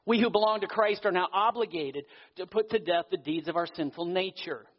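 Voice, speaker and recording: A man preaching a sermon as pastor, earnest, slowing down for emphasis. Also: sits high. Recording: dull audio with long hall reverb.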